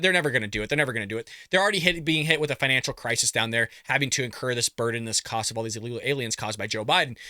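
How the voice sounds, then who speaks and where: A man hosting a political commentary show, reacting to news with sarcastic jabs, animated asides and laughter at his own remarks. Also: on the high side, no echo, clean studio sound.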